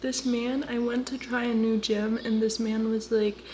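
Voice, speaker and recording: A woman's voice: on the high side, little pitch movement, moderate pace, darkish tone, slight background noise. A young woman talking to her phone camera in a casual vlog, candid and swearing freely as she moves from home to the gym. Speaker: vlogger.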